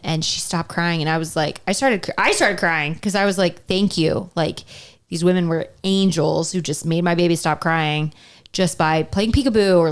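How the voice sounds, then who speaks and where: A woman's voice: lowish voice, smooth. A woman co-hosting a casual podcast, talking animatedly, going into mock-indignant rants and laughing often. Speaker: podcast co-host. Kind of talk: casual chat.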